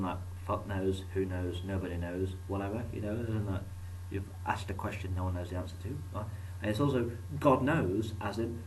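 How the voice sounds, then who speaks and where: A man with a fairly low voice speaks straight to his viewers in a loose, wandering monologue. His pitch swings widely as he cracks jokes and pokes fun at himself, and a faint hum runs underneath. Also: far from the mic, low-quality recording. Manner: rambling, joking, self-deprecating. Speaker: YouTuber. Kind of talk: casual vlog monologue.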